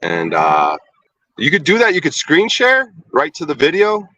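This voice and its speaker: A man's voice: huge pitch swings, measured pace, pushed and bright, no echo. Young man, profane heated rant, in a car, dry muffled sound. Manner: profane and agitated, rants with rising pitch. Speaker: livestream host. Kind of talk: heated casual livestream chat.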